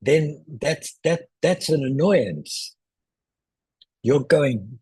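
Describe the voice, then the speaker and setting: A man coaching viewers on online presentations in a casual tutorial, talking loudly on purpose and often checking in with "right?", from a small one-room apartment. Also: a little high, expressive, extremely slow, slightly rough, dry recording, low-quality recording.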